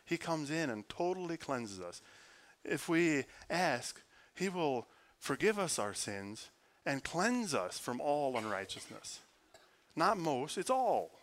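A man preaching a sermon, earnest, moving between forceful emphasis and quiet, hushed prayer. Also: fairly high pitch, sing-song, takes it slowly. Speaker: pastor.

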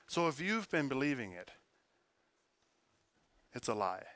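Man, preacher, earnest sermon, loud emphasis then soft prayerful tones, mid-pitched voice. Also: big pitch swings, measured pace. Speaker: pastor.

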